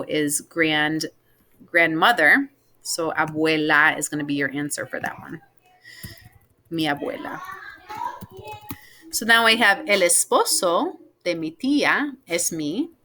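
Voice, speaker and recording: A woman's voice: deep voice, sharp tone. A woman teaching a recorded Spanish class, patiently explaining family words step by step with frequent ums.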